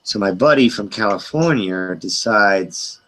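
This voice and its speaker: A middle-aged man on an open group call, casually telling a long, profane, animated story with quoted voices. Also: lowish voice, unhurried, rough recording. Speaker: hangout participant.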